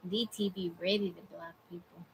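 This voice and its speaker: A woman hosting a casual live stream, chatting with viewers and greeting them by name, recorded on a phone in a quiet room at home. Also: fairly low pitch, fairly even intonation, fairly quick, gravelly, slight background noise, low-quality recording. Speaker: livestream host.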